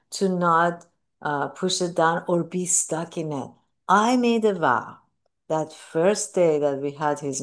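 A woman with a slightly low voice speaks earnestly and reflectively in a personal talk on mindfulness and grief. She often pauses and restarts her sentences. When she retells moments, her voice leaps up with feeling.

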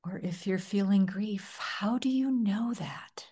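A woman leading a guided meditation in a gentle, soft-spoken manner, with long pauses. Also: mid-range voice, breathy edge. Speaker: meditation teacher.

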